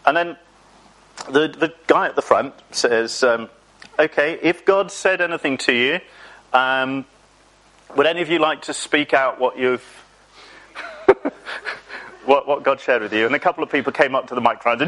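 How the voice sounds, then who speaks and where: A man preaching a sermon in a mid-pitched voice. He talks in a chatty, self-mocking way and draws out the words that matter. He tells the story from his own life. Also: moderate pace, long pauses, sharp tone, low-quality recording.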